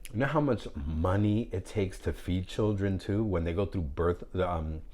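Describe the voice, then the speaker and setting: A man's voice: sits low, moderate pace, mellow. A man talking to camera in a casual mukbang vlog at home, candid and joking, chatting with his viewers and dropping in Spanish phrases. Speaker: food vlogger.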